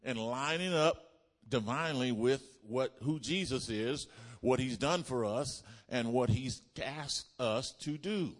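A pastor preaching a sermon to his congregation, asking them to repeat lines back and building up to loud exclamations. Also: mid-range voice, measured pace. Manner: call-and-response preaching, builds to shouts. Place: church.

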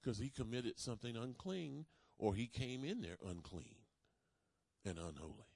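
A man delivering a sermon in a mid-range voice, calling on the congregation to repeat after him. He builds from measured teaching to loud, emphatic proclamations. The sound is dry and close. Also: mid-range voice, lively intonation, creaky, slightly rough, no room sound. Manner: call-and-response preaching, rising to emphatic declarations. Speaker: pastor.

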